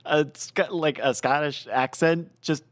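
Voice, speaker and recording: A man co-hosting a podcast, animated and laughing as he chats about a TV episode. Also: a little high, a little slow. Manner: animated, laughing, swoops into mock voices. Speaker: podcast co-host. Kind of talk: casual chat reviewing a TV episode.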